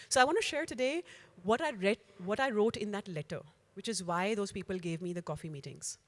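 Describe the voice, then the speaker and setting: Animated middle-aged woman speaker. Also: medium pitch, brisk. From India. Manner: animated, keeps checking in with "okay?". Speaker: speaker giving a career talk. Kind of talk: storytelling talk to an audience.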